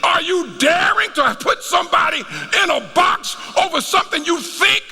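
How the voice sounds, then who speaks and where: A man preaching as he acts out his teenage daughter scolding her father with indignant, rapid-fire questions. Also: on the high side, big pitch swings, a bit bright, pitched below the performer's own voice, exaggerated voice. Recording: reverberant hall.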